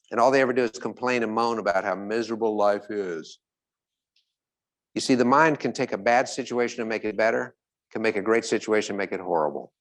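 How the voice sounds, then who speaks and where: A man speaking live to an audience as a motivational speaker, animated and chuckling as he acts out everyday characters. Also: on the low side. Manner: animated, acts out little characters, laughs often.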